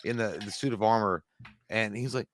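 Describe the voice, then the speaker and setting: A man co-hosting a casual movie livestream, animated and quoting movie lines in goofy voices. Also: on the low side, brisk. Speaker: livestream movie podcast co-host.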